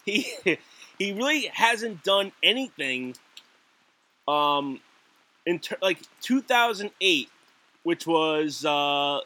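Male podcast co-host, giggly and rambling, bright forceful voice, slightly high. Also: very animated, slow pace, long pauses. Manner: giggly, rambling with fillers and restarts. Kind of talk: casual chat.

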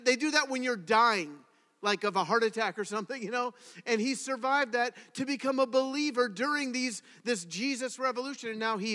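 Man, sermon, very high bright voice, animated storytelling, long hall reverb. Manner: animated storytelling, asks the audience questions. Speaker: pastor. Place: congregation hall.

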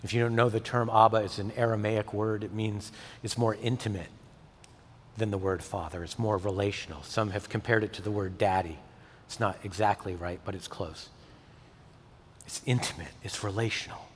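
A male pastor delivering a sermon, swinging from emphatic peaks to soft, intimate tones. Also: lowish voice, steady tone, normal speed, slight background noise. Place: church sanctuary. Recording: long hall reverb.

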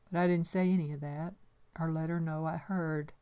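An older woman gently reading her own memoir aloud in a reflective storytelling manner. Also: low-pitched, fairly even intonation, normal speed, few pauses, clear, resonant tone.

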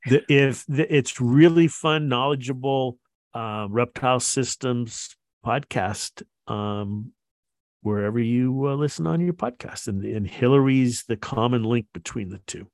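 A man co-hosting a casual podcast, talking in halting stretches with lots of fillers and restarts. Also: mid-range voice, darkish tone, no echo, studio quality. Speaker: podcast co-host.

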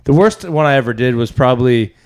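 A young man tells a comedy story in a loose, rambling way. He restarts his sentences often and now and then breaks into loud, shouted impressions of people. His voice sits at a middle pitch. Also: quick pace, smooth. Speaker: stand-up comedian, podcast co-host. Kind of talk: casual storytelling chat.

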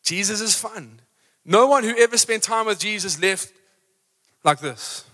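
A man preaching an energetic, rousing live sermon in a church, acting out his examples. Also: high-pitched, moderate pace. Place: church auditorium. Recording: live church hall reverb.

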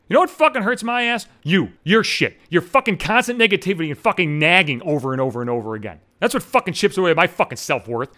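Guy ranting on his podcast, swearing nonstop, high voice that swings all over, talks fast. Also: bright, forceful tone. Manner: profane, heated venting. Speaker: podcast host.

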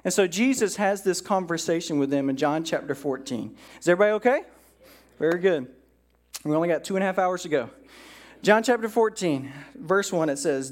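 A man preaching a relaxed, conversational sermon to a congregation in a church. He talks like he's chatting and often tosses in "right?" to check in with the room. Now and then he acts out bits of dialogue. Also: a little high, a little fast. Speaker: pastor.

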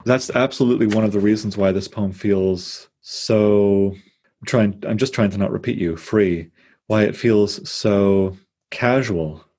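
A man leading a casual, thoughtful discussion of a poem, reflective and unhurried. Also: fairly low pitch, warm tone. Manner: thoughtful, reflective, reads verse slowly.

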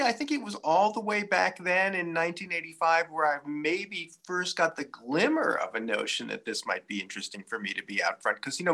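Man, fairly high voice, bright tone, interview guest, reflective storyteller, easygoing. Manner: relaxed, reflective storytelling with frequent fillers. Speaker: saxophonist guest. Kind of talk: casual interview chat.

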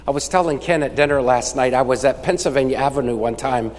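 A man preaching a sermon, rattling off lists fast and calling for responses from the congregation. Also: mid-range voice, in a large hall. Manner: rapid-fire, call-and-response with the crowd. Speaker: evangelist preacher.

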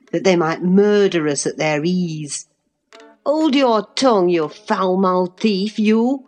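A woman's voice: lowish voice, darkish tone. Lady doing a blustery servant guy, scolding and accusing, audiobook. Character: gruff male manservant.

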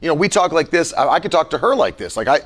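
A man leading a casual Bible-study chat as pastor, talking forcefully and emphatically. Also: on the high side, very animated, quick pace.

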